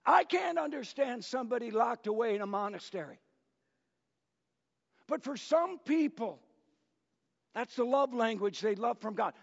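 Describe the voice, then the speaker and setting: A man preaching a sermon as pastor, in an unhurried storytelling manner that works in jokes. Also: very high voice, animated, vocal fry. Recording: dull lo-fi church recording with long reverb.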